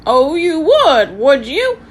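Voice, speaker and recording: A woman reading a storybook aloud, voicing a sarcastic old male sea parrot with a hoarse, squawking voice that repeats its phrases. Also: sits high, big pitch swings, slow pace, voice pushed up, heavily acted.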